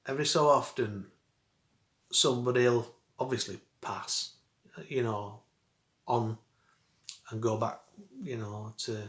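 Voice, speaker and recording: A middle-aged vlogger with a mid-range, fairly bright voice tells a rambling, casual story in dialect, chuckling along the way. The recording has a roomy echo.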